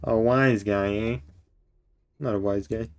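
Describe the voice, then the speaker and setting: A man streaming a game live, joking and teasing a friend on voice chat, then reading the game's story text aloud in a slow, measured narrating voice. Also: on the low side, steady tone.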